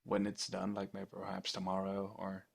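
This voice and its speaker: Dutch man, low voice, teasing. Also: completely flat delivery, normal speed, vocal fry, husky. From Netherlands. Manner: playful, teasing. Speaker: stream host. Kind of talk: casual chat on a live stream.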